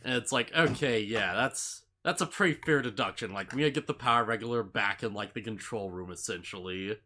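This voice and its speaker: Bright-voiced man recapping anime. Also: lowish voice, fast talker. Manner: rambling, many "like" fillers, laughs often. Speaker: podcast co-host. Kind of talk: casual anime recap chat.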